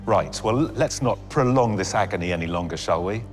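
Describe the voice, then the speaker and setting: A man presenting an unveiling event in a brisk, upbeat compere manner. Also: low-pitched, big-room sound, over music. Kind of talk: hosting a live unveiling.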